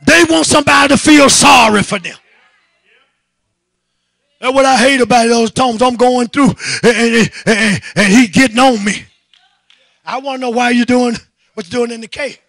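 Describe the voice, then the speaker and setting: Pastor, man, very high voice with gravel, fervent shouted sermon, dry close sound. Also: normal speed, pauses often, no echo. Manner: fervent shouted preaching with repeated "my God" refrains; calls on the congregation to answer back.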